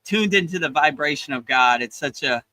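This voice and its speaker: Bright-voiced earnest spiritual host. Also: male voice, fairly high pitch, expressive, normal speed, rough recording. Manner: earnest, emotional, repeats words when starting sentences. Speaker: yoga teacher and livestream host. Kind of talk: casual spiritual chat. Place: beach in Thailand.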